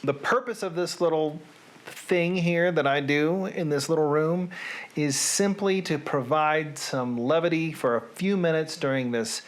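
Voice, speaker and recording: Rambling Southern host in a small room. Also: male voice, a little high. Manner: rambling, self-deprecating, deadpan. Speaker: show host. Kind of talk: casual monologue to camera.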